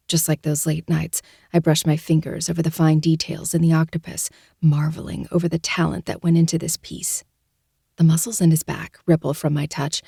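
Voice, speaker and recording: A woman reading a first-person romance audiobook in a soft, intimate, breathy way. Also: low-pitched, no echo, studio quality. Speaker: audiobook narrator.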